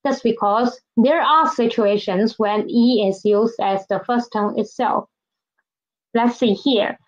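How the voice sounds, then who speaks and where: A woman teaching a recorded Chinese language lesson, slow and patient, repeating each example and checking understanding. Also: on the high side. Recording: dull lo-fi recording.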